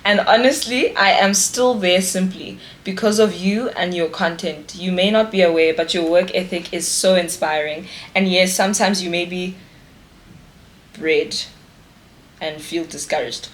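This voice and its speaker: A woman's voice: fairly low pitch, fairly even intonation, a little slow. A young woman in her twenties, chatting casually to camera and reading friends' letters aloud, prone to giggling. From South Africa. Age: 20s. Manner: chatty, warm-hearted, breaks into giggles. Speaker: vlogger and pageant finalist.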